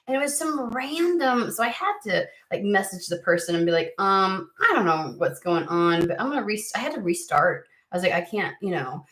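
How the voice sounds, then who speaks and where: An American woman talks loosely to her viewers, trailing off and restarting her sentences over and over. Her voice sits at an ordinary middle pitch, and the room around her rings with a noticeable echo. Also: animated, a bit bright. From United States. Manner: rambling, halting, many fillers and restarts. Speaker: tarot reader. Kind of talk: casual chat to camera. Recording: echoey room.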